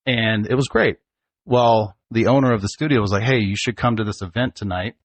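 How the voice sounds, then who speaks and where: A man's voice: on the low side, a little fast. A man, hosting a casual podcast chat and telling family stories, laughing often. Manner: chatty storyteller, laughs often. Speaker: podcast host, father.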